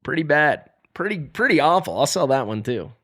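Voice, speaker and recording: A man's voice: fairly high pitch, very animated, moderate pace, a bit bright. A man streaming a mobile game live, joking and playfully dramatic as he sorts through gear. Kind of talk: live gameplay commentary.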